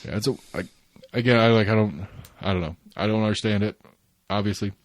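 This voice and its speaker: A man's voice: lowish voice, steady tone, fairly quick, no room sound, studio quality. A man co-hosting a casual current-affairs podcast, rambling with lots of fillers and restarts and the odd swear word. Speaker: podcast co-host.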